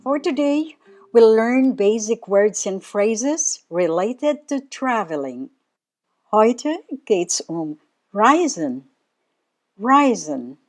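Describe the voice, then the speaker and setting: Slow, patient woman teaching German. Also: a little high, sing-song, soft background music. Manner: slow, spells out and repeats each word. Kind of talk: radio language lesson.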